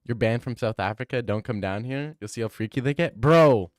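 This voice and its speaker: A man's voice: medium pitch, a little fast, no room sound. A young man chatting casually on a stream, reading chat aloud and firing back in slangy talk. His voice sits in a medium range and is recorded dry on a close mic. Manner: laughing, slangy, says bro a lot.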